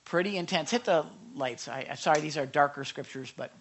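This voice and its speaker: A man preaching an animated sermon to young listeners into a microphone, emphatic and often checking in with the room. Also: a little high, fairly quick. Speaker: pastor teaching a youth group.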